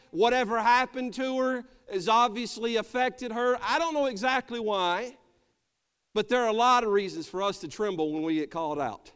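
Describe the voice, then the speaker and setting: High-voiced pastor preaching in a reverberant church. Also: male voice, fairly bright tone, smooth. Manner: calls for amens, acts out voices. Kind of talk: sermon. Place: church sanctuary.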